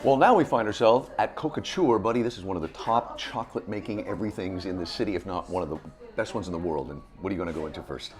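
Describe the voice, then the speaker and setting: Quick-talking male travel host, lowish voice, wry and teasing, music under him. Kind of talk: casual travel commentary.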